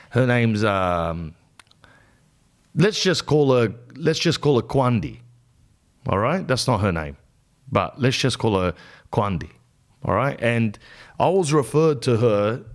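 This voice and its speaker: A man hosts a comedy podcast. He rambles through a story in an animated, exaggerated way, and his pitch swings up and down. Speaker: podcast host.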